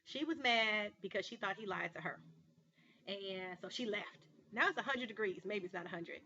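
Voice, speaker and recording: A woman's voice: mid-range voice, moderate pace, pushed and bright, husky, lo-fi sound. A woman hosting her own vlog show, talking straight to camera in an earnest, emphatic storytelling manner. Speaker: life coach and show host. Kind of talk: personal vlog monologue.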